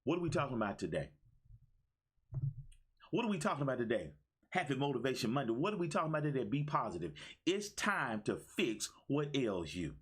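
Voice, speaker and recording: A man's voice: mid-range voice, sing-song, a little fast, a bit bright, slightly rough. A man in his fifties giving a livestream motivational talk, exuberant, with a preacher-like call-and-response manner. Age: 50s. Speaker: motivational speaker. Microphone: phone.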